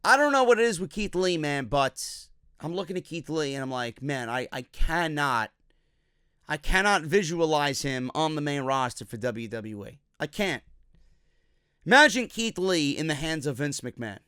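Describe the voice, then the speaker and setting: A man's voice: on the high side, sing-song, moderate pace, bright, forceful tone, smooth, no room sound, clean studio sound. A man recapping a wrestling show in a casual, blunt, opinionated way, swearing freely.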